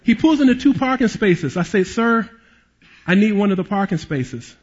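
A man preaching a sermon as a pastor and police chaplain, an animated storyteller who drops to hushed tones at emotional moments. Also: high voice, normal speed, husky, muffled recording.

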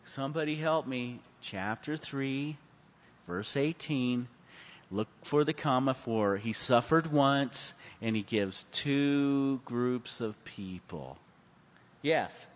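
A man's voice: medium pitch, slow. Man preaching in an echoey hall. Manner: preaching with sudden swings from hushed to loud; asks the class questions and calls on people. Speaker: Bible class teacher. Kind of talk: Bible study sermon. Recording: muffled sound with a long hall reverb.

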